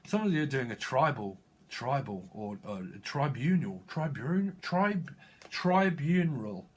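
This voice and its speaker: A man with a husky voice of middling pitch talks through a tarot reading. He drifts from word to word in loose, free-associating wordplay, chuckling between thoughts. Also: animated, slow pace. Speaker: tarot reader.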